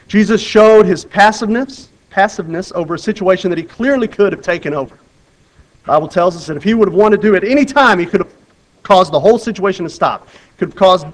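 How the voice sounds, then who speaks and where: A man preaching a sermon in an earnest, conversational way. He repeats and restarts his phrases, and his delivery moves between loud urgency and quiet emphasis. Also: sits high, low-quality recording. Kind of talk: sermon with Bible reading.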